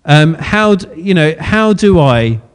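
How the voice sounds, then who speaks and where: A male preacher delivers a sermon in a relaxed, chatty way. He jokes at his own expense and laughs often. His voice sits a little high for a man. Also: takes it slowly, smooth.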